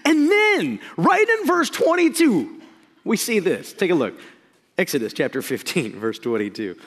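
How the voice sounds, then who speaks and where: A man preaching a sermon, energetic and jokey, swinging from loud excitement to hushed lines. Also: sits high, a little slow, in a large hall. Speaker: pastor.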